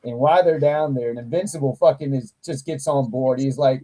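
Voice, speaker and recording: A man hosting a casual live toy chat, talking with animated, profane energy and frequent laughter. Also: mid-range voice, rough recording. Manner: animated, profane, laughs a lot, slow drawl. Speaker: toy channel livestream host.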